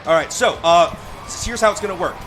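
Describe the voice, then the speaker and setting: Guy gm doing wrestling announcer bits, high voice, music under it. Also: fairly quick, a crowd in the background. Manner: hype announcer bursts with many fillers. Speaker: game master and wrestling announcer. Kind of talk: tabletop game narration as ringside commentary.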